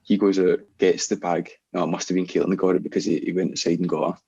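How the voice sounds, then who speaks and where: A young man with an Ayrshire Scottish accent telling laughing, animated stories in casual podcast chat. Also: deep voice, fast, breathy edge, lo-fi sound. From Scotland. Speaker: podcast guest, DJ.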